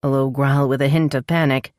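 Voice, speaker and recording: Low-voiced woman narrating a romance audiobook. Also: fairly quick, dry recording, clean studio sound. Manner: expressive, voices dialogue with sharp pitch jumps.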